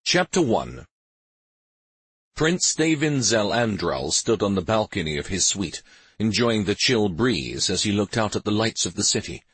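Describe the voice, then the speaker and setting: A man narrating a fantasy audiobook in a measured, even reading. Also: on the low side, husky, dry recording. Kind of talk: scripted narration.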